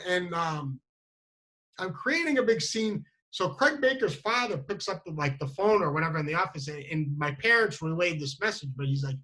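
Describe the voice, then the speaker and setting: A man telling a funny personal story, self-mocking and halting, with many restarts and fillers. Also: fairly high pitch, expressive, bright, forceful tone, rough recording.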